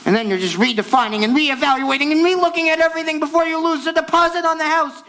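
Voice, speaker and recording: A man's voice: very high-pitched, fast talker, bright, forceful tone, heavily acted, low-quality recording. A man playing a wistful theatre fan who talks to the audience in rambling, confiding asides on a stage. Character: wistful male theatre fan narrating a record. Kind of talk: stage musical acting.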